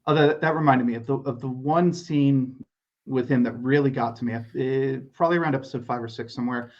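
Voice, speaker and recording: Brief: steady male podcast co-host, thoughtful recaps, slightly dull recording. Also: medium pitch. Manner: measured, detailed, paraphrasing scenes. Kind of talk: casual podcast chat.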